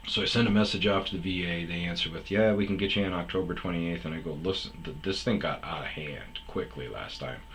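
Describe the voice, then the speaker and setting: A man's voice: sits low, moderate pace, bright, forceful tone, a little hiss or hum, rough recording. A man telling a long personal story in a rambling, casual way, full of fillers and quoted back-and-forth. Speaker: podcast host telling stories.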